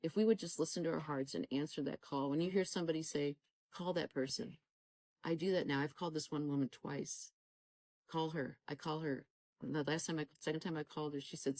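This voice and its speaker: A woman's voice: low voice, fairly even intonation, brisk, a little mellow, no room sound, rough recording. A woman sharing a personal faith testimony in an interview, talking earnestly and urging listeners on, often acting out the dialogue she recalls. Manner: fervent, exhorting, acts out quoted dialogue.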